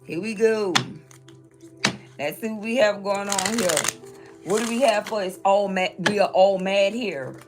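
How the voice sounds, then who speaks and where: Loud music plays behind a tarot reader from New Orleans, Louisiana, who speaks to her viewers a little slowly in a mid-range voice. She shuffles through her cards, repeats herself emphatically and keeps asking "okay?"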